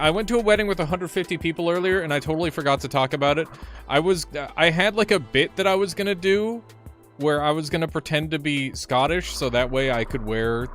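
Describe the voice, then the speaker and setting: A young man streaming a game, telling a story in a casual, animated way, swearing freely, laughing often and jumping higher when excited. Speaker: gaming streamer. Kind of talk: casual live-stream chat.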